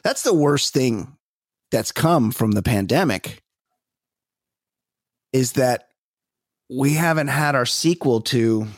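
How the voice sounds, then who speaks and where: A man's voice: medium pitch, expressive, slow, long pauses, dry recording, clean studio sound. A man co-hosting a comedy podcast in casual chat, rambling and trailing off as he hunts for names. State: recovering from a finger injury. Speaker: podcast co-host.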